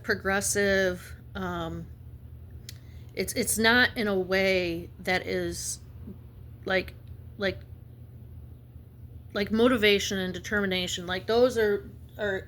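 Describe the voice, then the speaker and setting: A woman giving a spiritual reading in a blunt, fervent way, halting often to restart her sentences. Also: medium pitch, fairly even intonation, fairly bright tone, slight background noise. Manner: emphatic, halting with many restarts; blunt and fervent, slips into slang. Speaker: intuitive reader.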